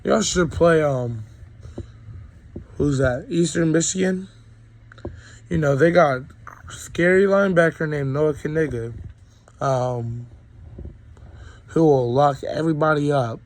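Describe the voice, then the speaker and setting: A man's voice: fairly high pitch, takes it slowly, long pauses, rough recording. A young man with a cold giving a rambling, opinionated college football recap, full of ums. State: sick, coughing. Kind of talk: casual sports recap monologue.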